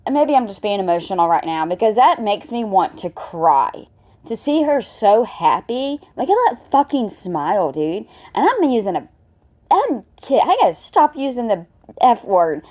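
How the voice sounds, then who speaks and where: A woman's voice: medium pitch, big pitch swings, unhurried, warm tone. A woman venting angrily and cursing as she reacts to a clip. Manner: heated, profane, venting. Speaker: reaction vlogger. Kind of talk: angry reaction commentary.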